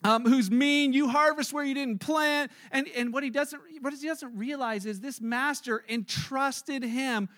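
A man's voice: extremely high pitch, a little slow, hardly any pauses, fairly bright tone. A male pastor preaching a sermon in a storytelling manner, acting out the characters he describes.

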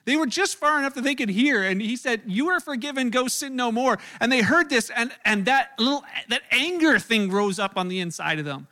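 Male pastor with a high, bright, forward voice; animated sermon storyteller. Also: brisk, few pauses. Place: church room.

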